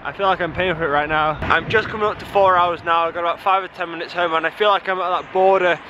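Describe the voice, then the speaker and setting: Brief: young man, quick chatty cycling vlogger, talks on the go outdoors. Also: high voice, steady tone, highs cut off, background noise. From Ireland. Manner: chatty, talks while riding and catching breath. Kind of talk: casual vlog to camera. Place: outdoors on the road.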